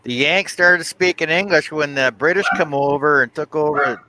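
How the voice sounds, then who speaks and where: A man joking with slow drawn-out speech as a panel guest on a live stream. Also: on the high side, sharp tone, dry recording. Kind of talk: casual joking chat. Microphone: video call.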